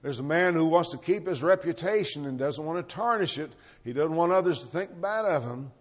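A man's voice: on the high side, expressive, fairly quick. A man preaching a sermon, asking the congregation rhetorical questions and letting his voice rise and fall. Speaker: pastor.

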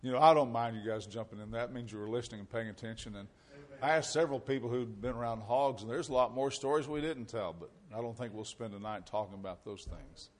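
A man's voice: mid-range voice, quick pace. A man preaching a sermon to a congregation, mixing scripture readings with conversational, folksy asides. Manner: reads scripture aloud with rising emphasis.

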